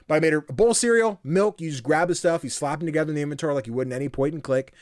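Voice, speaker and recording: A man's voice: on the high side, racing, few pauses, no echo, clean studio sound. Rambling man in casual podcast chat. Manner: rambling, full of fillers and acted-out quotes. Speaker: podcast co-host.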